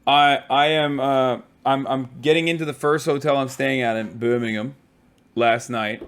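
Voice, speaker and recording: A tired man streaming from a hotel room, telling stories in a casual, profane, animated way. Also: medium pitch, moderate pace, clean tone. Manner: profane, animated storytelling with mock quotes.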